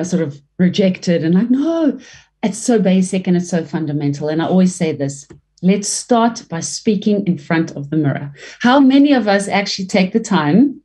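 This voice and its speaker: A woman working as a leadership trainer and voice coach, giving expressive interview answers with some restarts and fillers. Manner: expressive, varies pitch and pace to demonstrate; fluent with frequent restarts.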